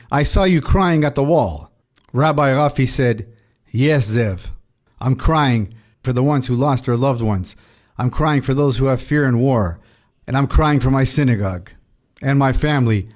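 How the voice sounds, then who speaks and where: A man's voice: mid-range voice, a little mellow. Man preaching a ministry update. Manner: preaching, reads scripture aloud. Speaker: Messianic rabbi.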